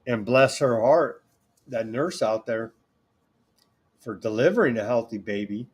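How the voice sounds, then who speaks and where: A male talk show host from California, speaking at an ordinary middle pitch. He delivers his commentary in a sarcastic, indignant rant. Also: unhurried, husky.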